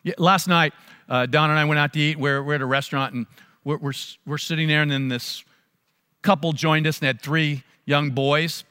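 Speaking at a normal speed with fairly even intonation and a clean, high, bright tone, a male pastor gives a sermon. He narrates stories with animation, voicing the characters himself, and long reverb from a big hall follows each phrase.

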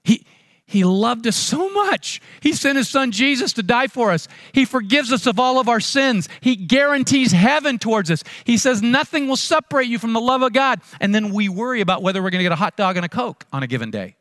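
Man, pastor, high voice, dry sound, conversational sermon, repeats words. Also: animated, fairly quick, a bit bright, dry recording.

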